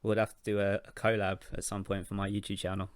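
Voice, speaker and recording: Low, flat-voiced podcast host. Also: male voice, quick pace, no echo, studio quality. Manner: relaxed questions, laughs along. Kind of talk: casual interview chat.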